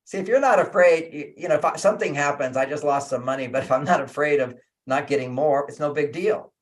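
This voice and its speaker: Older male guest, animated teacher, explains in a chatty way and laughs between his points. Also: fairly high pitch, fast talker. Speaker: interview guest. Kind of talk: conversational teaching.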